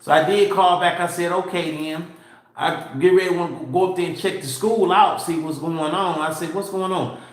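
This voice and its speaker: A man's voice: high voice, steady tone, normal speed. A middle-aged man co-hosting a casual live family chat, rambling through stories and acting out his own dialogue. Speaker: show co-host. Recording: very echoey room.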